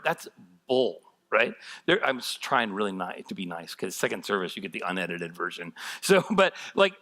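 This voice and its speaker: Middle-aged male pastor, sermon, bright forceful tone, candid and self-deprecating. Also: mid-range voice, very animated, moderate pace.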